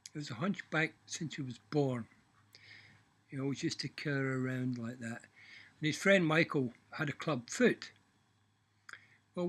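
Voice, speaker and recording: A man's voice: a little high, fairly bright tone, breathy edge. A half Irish, half Scottish man casually telling a joke, swearing and folksy. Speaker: joke teller. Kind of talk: casual storytelling.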